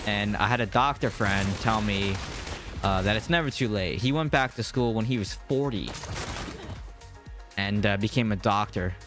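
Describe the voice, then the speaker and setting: A man's voice: lowish voice, moderate pace, over music. A man in his thirties with a Mid-Atlantic American accent, casually rambling on a live game stream and answering viewer chat. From US Mid-Atlantic region.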